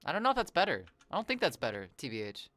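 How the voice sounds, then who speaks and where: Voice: medium pitch, huge pitch swings, a bit bright, dry recording. Rambling, playful game streamer. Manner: rambling, playful, drifts into musing asides; reacts to chat with quick exclamations. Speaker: variety streamer. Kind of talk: casual live-stream chatter while gaming.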